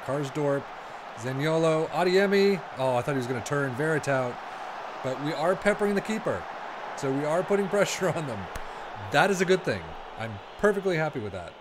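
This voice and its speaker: Excitable young man commenting on gameplay. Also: a little high, noisy background. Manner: excitable, swings from mumbling asides to sudden yelps. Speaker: gaming video creator.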